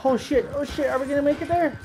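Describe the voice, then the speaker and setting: A young man commentating his own gameplay in an excitable, profane, repetitive manner. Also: extremely high pitch, quick pace, music in the background, rough recording. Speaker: let's play gamer.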